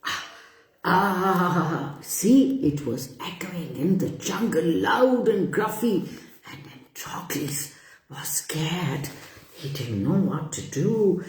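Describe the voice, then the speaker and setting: Animated woman telling a children's story. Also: fairly low pitch, slow, roomy sound. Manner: animated, asks the listeners questions. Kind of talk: bedtime story reading for children.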